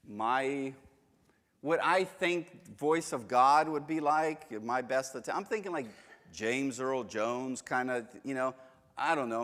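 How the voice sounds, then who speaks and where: A man's voice: mid-range voice, a bit bright, big-room sound. A man teaching a Bible class in a casual, joking way, telling stories from home. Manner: chatty, joking, storytelling. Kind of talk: casual church lesson with anecdotes. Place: church hall.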